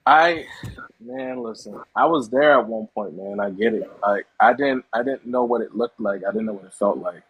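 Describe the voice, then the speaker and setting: A man's voice: on the low side, animated, normal speed, breathy edge, highs cut off. A man hosting a podcast in casual chat, talking emphatically with slang asides.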